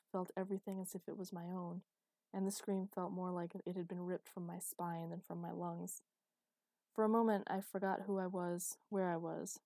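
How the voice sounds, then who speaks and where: A woman reads a first-person romance audiobook, telling the story in a steady, intimate way. Her voice sits low and sounds mellow instead of bright. The recording is close-miked and dry, without any room sound.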